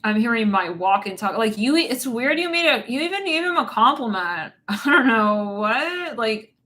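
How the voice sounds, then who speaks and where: A woman's voice: fairly high pitch, expressive, normal speed, bright, forceful tone. A woman giving a casual tarot reading, rambling and giggly, swearing bluntly as she talks. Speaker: tarot reader.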